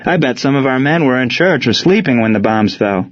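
A man's voice: mid-range voice, animated, brisk, dull audio, natural voice. A man doing a brash teenage boy. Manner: brash, slangy. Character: cocky teenage boy, a boxer and musician.

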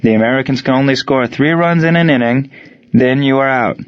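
A man voicing a proud German prisoner of war who speaks in stiff, formal, measured phrases. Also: medium pitch, smooth, no echo, pitched above the performer's own voice, lightly acted. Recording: dry, dull lo-fi sound.

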